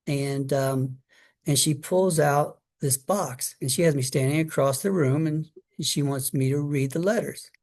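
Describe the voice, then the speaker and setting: A man's voice: on the high side, a little slow, a little mellow. A middle-aged man telling a personal story to an audience in a conversational way, acting out quoted voices, with fillers and restarts. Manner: conversational storytelling, acts out his child self and mother in quotes. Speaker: guest speaker.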